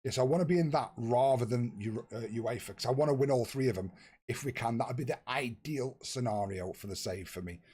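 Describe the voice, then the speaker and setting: A young man with a husky voice, chatting casually and swearing freely with his viewers while he plays a football management game. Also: mid-range voice, a little fast, warm tone. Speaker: streamer. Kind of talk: casual live-stream chat.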